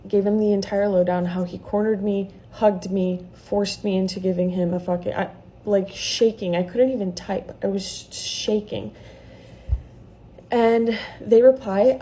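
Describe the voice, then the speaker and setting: A woman's voice: mid-range voice, creaky, dark tone. A woman retelling a frightening experience in a casual storytime vlog, heated and full of swearing.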